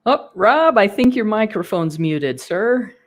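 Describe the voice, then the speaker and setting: A woman's voice: medium pitch, animated, measured pace. A woman co-hosting a podcast who chats in a friendly, joking way. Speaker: podcast co-host. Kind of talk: casual chat.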